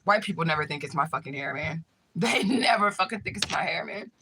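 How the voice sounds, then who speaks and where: A woman and spiritual reader chatting casually to her viewers, telling stories in an animated, profane way full of fillers. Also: low voice, brisk, creaky, background noise. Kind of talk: casual live chat to viewers.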